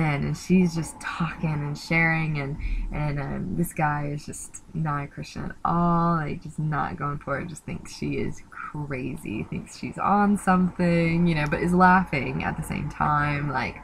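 Young woman, low register, casual storyteller who leans on fillers, light background noise. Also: low-quality recording. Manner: rambling with many fillers and quoted voices. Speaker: missionary recounting outreach.

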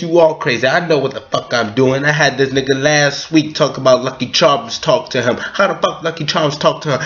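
A man's voice: a little high, close to an everyday voice. A man playing a blunt, profane therapist in a comedy sketch, talking with exasperation. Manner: profane, exasperated, slow and lively. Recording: lo-fi home video.

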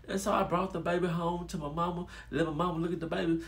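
A man casually telling a personal story to his viewers, animated and addressing them as y'all. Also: high voice, fast talker, creaky. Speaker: storytelling vlogger.

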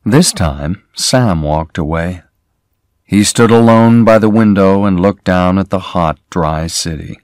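Slow, deliberate male story narrator. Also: low-pitched, clear, resonant tone, no echo, studio quality. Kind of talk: slow graded-reader narration for learners.

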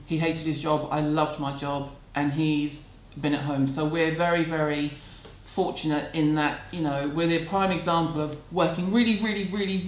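A woman, answering viewer questions at home in a candid, chatty, self-deprecating way. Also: deep voice. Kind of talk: casual chat. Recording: echoey room, faint background hum.

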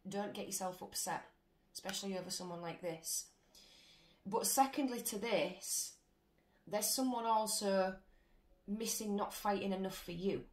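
A woman's voice: medium pitch, a little slow. A woman giving a casual tarot reading to her viewers, chatty and blunt, swearing freely as she goes. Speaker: tarot reader. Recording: echoey room with faint noise.

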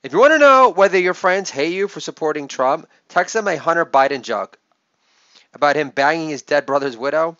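Middle-aged male comic host, sarcastic rapid-fire monologue, slightly high smooth voice. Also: dry recording. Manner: sarcastic, rapid joke delivery with loud outbursts. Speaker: podcast host. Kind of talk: comedic monologue. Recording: dull lo-fi dry podcast audio.

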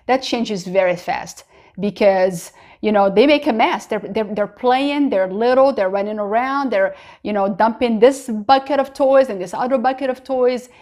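A woman's voice: on the high side, a little mellow. A woman in her thirties giving an encouraging faith-based self-help talk to camera, earnest and full of "you know" asides. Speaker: vlogger.

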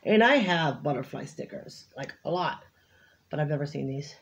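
A woman's voice: low-pitched, animated, normal speed, highs cut off. A woman crafting vlogger in casual unboxing chat, gushing and exclaiming over each item she opens.

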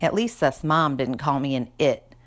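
A woman reads a children's chapter book aloud, narrating chattily in the first person. Her voice sits low for a woman and she keeps an easy, storytelling flow. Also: lively intonation, moderate pace. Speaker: reader.

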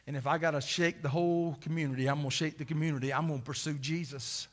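A man's voice: on the high side, steady tone, quick pace, pitched below the performer's own voice, close to an everyday voice. A man voicing a persistent blind male beggar who cries out pleadingly in a sermon retelling. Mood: determined.

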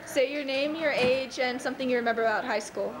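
A woman's voice: high-pitched, fast talker. A teenage girl filming classmates at school, coaxing and pleading with a giggly, persistent manner as she asks them questions. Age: teens. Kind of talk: home video interviewing. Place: busy school hallway. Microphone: handheld camcorder mic. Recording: noisy crowded camcorder recording. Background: crowd chatter and hallway noise.

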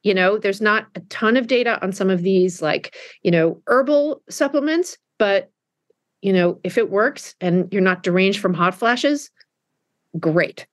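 A middle-aged woman author being interviewed, telling candid stories in a lively way with frequent restarts. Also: medium pitch, a little slow, dry recording, studio quality. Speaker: author guest. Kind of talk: conversational interview.

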